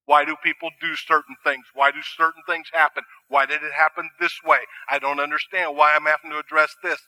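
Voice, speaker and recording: A man's voice: fairly high pitch, level tone, brisk, sharp tone, poor audio. A middle-aged man preaching a sermon, earnest and conversational with dry asides. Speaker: pastor.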